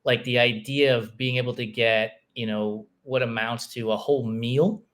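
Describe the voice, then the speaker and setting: A man's voice: medium pitch, moderate pace. A man hosting a podcast, who grew up in New York City, chatting casually and telling stories with frequent laughter. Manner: laughs often, relaxed storytelling. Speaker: podcast host. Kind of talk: casual chat.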